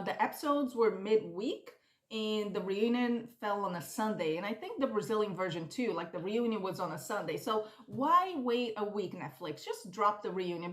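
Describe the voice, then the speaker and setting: A woman hosting her own channel, giving opinionated, animated reality TV commentary in casual chat and acting out quotes. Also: medium pitch, echoey room.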